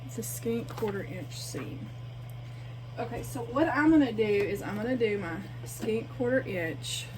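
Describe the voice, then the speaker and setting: A woman's voice: a little high, expressive, unhurried, noisy background. A woman, chatting casually and thinking aloud to her viewers while she shows her sewing in a home sewing room. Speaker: sewing vlogger.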